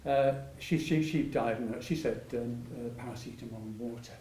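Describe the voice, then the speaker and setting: A man's voice: medium pitch, normal speed, dark tone, a little hiss or hum. Rambling older man, roomy hall. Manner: rambling, many restarts, laughs often. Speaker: patient speaker at a public talk. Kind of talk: anecdotal public talk. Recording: echoey hall, mic at a distance.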